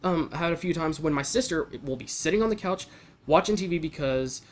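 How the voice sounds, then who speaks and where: A man's voice: on the high side, lively intonation, brisk. A young man venting in a casual vlog, talking in a frustrated way with frequent restarts and stumbles. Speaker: vlogger.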